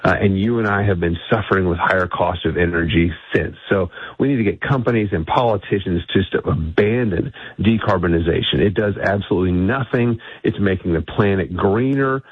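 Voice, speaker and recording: A man speaking as a guest in a radio interview by phone, assertive and quick, often restarting his sentences. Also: low voice, slightly rough, dry recording. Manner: assertive, talks fast with frequent restarts. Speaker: guest, energy think tank executive. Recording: tinny dry phone line.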